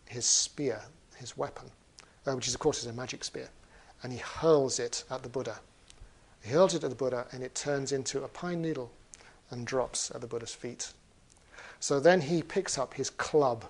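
A man retelling an old fable in a talk, animated, with wry humorous asides. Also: medium pitch, moderate pace, slightly rough. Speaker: storyteller. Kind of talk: storytelling talk.

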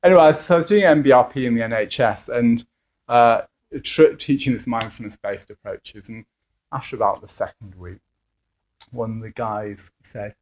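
A man's voice: mid-range voice, normal speed, a little mellow. A man, an addiction therapist who teaches mindfulness, telling anecdotes in a hesitant way with many fillers and chuckling asides. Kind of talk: anecdotal talk. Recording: dull lo-fi recording.

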